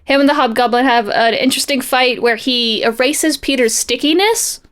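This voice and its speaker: A woman's voice: high-pitched, moderate pace, a bit bright. A young woman co-hosting a podcast, chatting casually and sarcastically while recapping a comic, laughing often. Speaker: podcast co-host.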